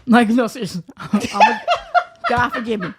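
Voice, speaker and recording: A young woman as a podcast guest, telling a story in casual, profane, animated fashion and acting out the voices of others. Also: fairly high pitch, normal speed, heavy background noise.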